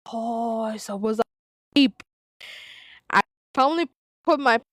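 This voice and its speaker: Lady reading a story out loud, keeps wandering off topic, smooth dry close-mic voice, bit high. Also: no echo. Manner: rambling, digressive, with many restarts; drops in Spanish exclamations. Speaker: story reader. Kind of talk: reading a story aloud with side commentary.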